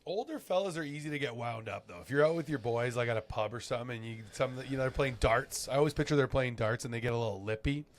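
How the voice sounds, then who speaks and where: A man co-hosting a casual podcast, relaxed and chiming in with quick follow-up questions. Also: medium pitch. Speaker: podcast co-host.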